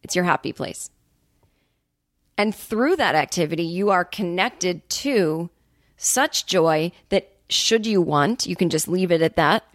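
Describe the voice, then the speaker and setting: A woman's voice: lowish voice, expressive, unhurried, dry recording, studio quality. A woman hosting a podcast, ranting in a casual monologue, swearing freely and acting out quotes. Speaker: podcast host.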